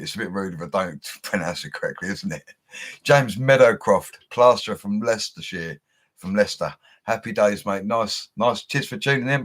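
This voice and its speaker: A man's voice: on the low side, fairly bright tone, slightly rough. A young man, hosting a casual livestream, reading out viewer comments in a laid-back, slangy way. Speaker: bricklayer livestream host. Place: home setup he calls a studio.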